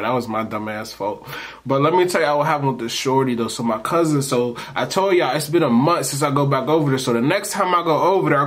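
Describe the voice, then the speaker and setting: Slangy, laid-back storytelling guy. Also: medium pitch. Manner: slangy, loose, rambling delivery with frequent laughs; animated, acts out the people he quotes. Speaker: storytime vlogger. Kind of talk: casual storytelling to camera.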